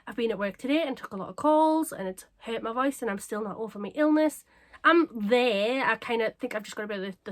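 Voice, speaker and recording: A woman chatting casually to camera as a craft vlogger, bubbly and self-mocking, her voice a little croaky. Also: a little high. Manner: bubbly, excitable and self-deprecating. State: slightly croaky.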